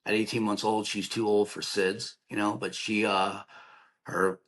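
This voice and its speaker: A man in his thirties, a podcast guest, telling a painful personal story in a halting, emotional way with many restarts. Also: fairly low pitch, flat delivery, fairly bright tone, poor audio.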